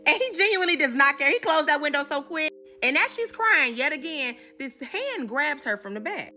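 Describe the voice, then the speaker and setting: A woman's voice: high voice, very animated, moderate pace, bright, forceful tone. A woman giving a casual comedic recap, sassy and slangy, talking straight to her viewers.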